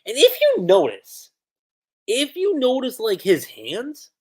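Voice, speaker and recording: A young man talks through an anime episode on a casual livestream, piling up fillers and restarts. His pitch rises and falls in a very lively way. He sits close to a desk mic. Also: takes it slowly. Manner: animated recap with many fillers. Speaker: anime reviewer.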